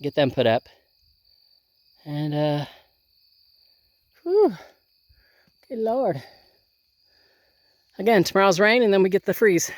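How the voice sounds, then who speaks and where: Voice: mid-range voice, big pitch swings, a little slow, pauses often, no echo. A gardening vlogger chatting to camera outdoors in a garden and hoop tunnel, thinking aloud with many ums, filmed on a handheld phone. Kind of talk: casual chat to camera while working.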